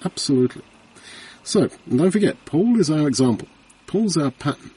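A man's voice: fairly high pitch, expressive, moderate pace, dark tone, slightly rough. A man preaching a Bible teaching sermon in an earnest, conversational way, repeating phrases for emphasis. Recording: voice from far off the mic.

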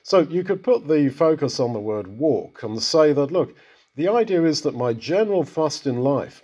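A man teaching from Scripture in an easy, conversational way, often turning to put questions to his listeners. His voice is husky and mellow, with a dark, relaxed tone. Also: fairly high pitch, dull audio. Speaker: Bible teacher. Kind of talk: conversational Bible exposition.

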